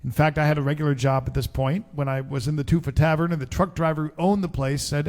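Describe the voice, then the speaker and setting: A middle-aged man, a singer-songwriter, telling a relaxed, chatty story between songs at a live show. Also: a little high, fast, few pauses, in a large hall. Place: live music venue. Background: guitar.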